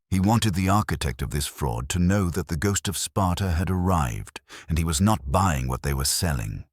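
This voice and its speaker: Very deep-voiced dramatic male narrator. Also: slightly rough, no echo, clean studio sound. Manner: brooding, theatrical storytelling.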